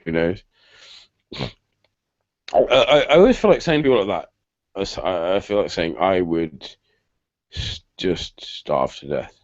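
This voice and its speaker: A British man chatting over a video call, his voice sitting low but swinging widely up and down as he rambles and restarts his sentences. The audio is dry and muffled, with the dull, lo-fi sound of a computer mic. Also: very animated, a little slow, pauses often, no echo. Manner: rambling, stop-start, restarts phrases. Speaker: host. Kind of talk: casual video-call chat.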